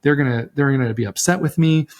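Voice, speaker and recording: Co-host, male, higher register, animated advice-giver who quotes people as he goes. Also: quick pace. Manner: animated, acts out quoted voices, many restarts. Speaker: relationship podcast co-host. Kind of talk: casual advice chat.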